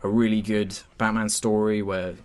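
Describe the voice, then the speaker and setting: Man, low-pitched, casual game review chat, lots of fillers and restarts. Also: little pitch movement, moderate pace, darkish tone, clean tone. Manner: chatty, hesitant, many fillers and restarts.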